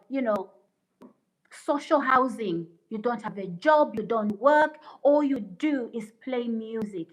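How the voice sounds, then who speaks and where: A woman chats on her livestream in an unhurried, drawn-out delivery, her voice sitting a little high. She reads viewer comments aloud and lectures in an indignant, preachy tone. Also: poor audio. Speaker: livestream host. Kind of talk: casual livestream chat with viewers.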